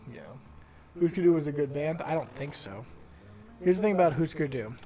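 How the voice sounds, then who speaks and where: A man's voice: a little high, animated, a little fast, mellow. Joking, swearing male streamer. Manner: profane, joking banter. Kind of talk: casual gameplay chat.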